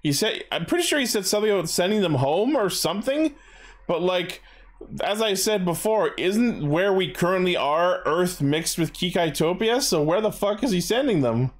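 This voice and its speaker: A man with a fairly high voice chats casually on a fan podcast. He talks with enthusiasm, often laughs, and retells scenes with plenty of swearing. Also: expressive, normal speed. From Canada. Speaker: podcast co-host.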